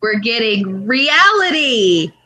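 A woman co-hosting a casual podcast, telling an animated story peppered with swearing and filler words. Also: fairly high pitch, slow, faint music behind, low-quality recording. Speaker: podcast co-host. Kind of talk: casual chat.

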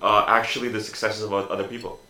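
A man's voice: on the low side, level tone, quick pace, sharp tone, reverberant. A man co-hosting a podcast, rambling in a conspiratorial, filler-heavy way. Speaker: podcast co-host. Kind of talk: casual chat.

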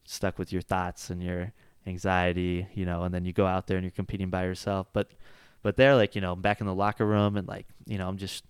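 A man talks in a loose, rambling way, stacking his sentences with "like" and "you know." His voice is low-set, smooth and resonant. The recording is close and dry, with no room sound. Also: completely flat delivery, brisk, few pauses, dry recording. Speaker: jiu-jitsu coach and gym owner. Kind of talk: casual chat.

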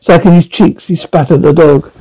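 A man's voice: a little high, fairly even intonation, dark tone, breathy edge, highs cut off. A man reading a storybook aloud, stumbling often and correcting himself as he narrates. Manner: halting with frequent slips and restarts. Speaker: audiobook reader.

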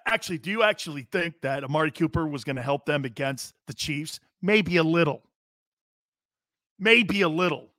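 Brash high-voiced sports talk host, a man. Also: normal speed, dry recording, studio quality. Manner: brash, animated, talks straight to viewers. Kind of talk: casual sports talk rant.

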